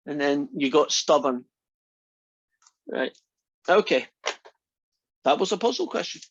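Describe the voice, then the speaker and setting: A man's voice: a little high, lively intonation, normal speed, long pauses, dry recording. Chatty man lecturing a math class. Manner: chatty, teasing, asks the class questions. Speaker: math instructor. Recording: dull lo-fi lecture recording.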